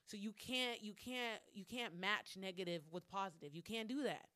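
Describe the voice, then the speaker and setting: Speaking at a normal pace in a medium, bright and pushed voice, this woman vlogs to her viewers on a dry, clean studio recording. Her frank monologue is full of profanity, with repeated phrases as she talks herself through anger, plus laughter between lines.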